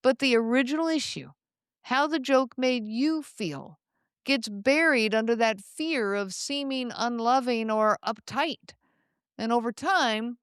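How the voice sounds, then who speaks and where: Smooth-voiced woman hosting a podcast. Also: fairly high pitch, no echo, studio quality. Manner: calm, reflective, speaks directly to the listener. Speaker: podcast host. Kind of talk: solo podcast monologue.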